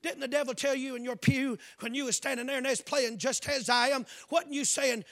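Man, preacher, very high voice, fervent shouted sermon, folksy stories, hallelujahs. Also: fairly even intonation, a little fast, few pauses, dry recording, studio quality. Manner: folksy storytelling.

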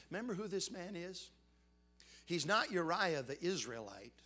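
A male preacher, his voice pitched high and ringing bright. He moves between fervent, climbing declarations and quiet, earnest stretches as he preaches. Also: big pitch swings, slow, long pauses. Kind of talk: sermon.

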